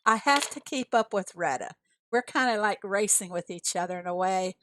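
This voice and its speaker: Over a noisy background, a woman from the USA chats with her viewers while playing a farming game on mobile. She talks herself through each move and reads chat out loud, speaking at a medium pitch and a moderate pace.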